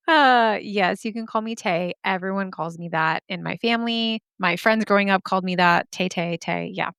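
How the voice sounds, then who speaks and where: A woman hosting a spooky story podcast, chatty and animated, swearing and laughing at herself as she reads listener stories. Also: medium pitch, moderate pace, gravelly, clean tone, no echo, studio quality. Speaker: podcast host.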